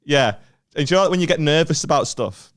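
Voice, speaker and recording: A man's voice: fairly high pitch, quick pace, no room sound, studio quality. Sweary Northern English man telling stories. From Northern England. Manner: sweary, animated, laughs through his stories. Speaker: comedian podcast co-host. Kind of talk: casual comedic storytelling.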